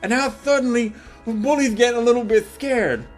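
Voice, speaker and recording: This comedic storytelling monologue comes from a notably high-voiced man talking a little fast, faint music playing behind him. Profane and animated, he builds each joke with sudden leaps and drops in volume.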